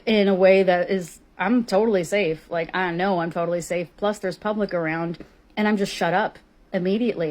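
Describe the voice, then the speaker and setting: A woman's voice: fairly low pitch, darkish tone. A woman vlogger telling a story in a blunt, profane, indignant casual rant.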